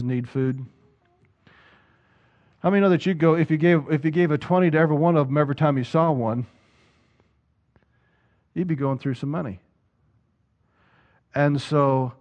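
A male pastor preaches to his congregation with a voice pitched a little high. He presses his points with rhetorical questions and repeated words. The recording sounds dull and lo-fi. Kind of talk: sermon.

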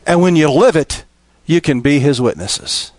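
A man preaching a sermon, building from steady teaching to impassioned, emphatic appeals. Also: on the high side, normal speed, dry recording.

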